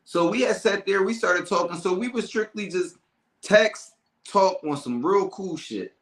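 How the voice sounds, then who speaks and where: A man hosting a casual talk show, telling stories with lively acted-out dialogue. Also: high voice, a little slow, echoey room. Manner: animated storyteller, acts out calm and angry callers. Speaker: podcast host. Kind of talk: casual storytelling chat.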